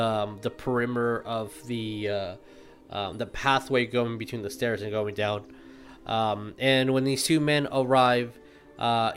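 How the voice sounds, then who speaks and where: A man narrating as game master for a tabletop game, relaxed and full of fillers. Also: mid-range voice.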